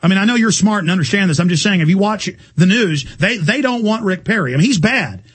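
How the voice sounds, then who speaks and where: A man hosting a political talk radio show, ranting fast and emphatically. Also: sits high, expressive, a bit bright, husky. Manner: fast, fervent, emphatic rants.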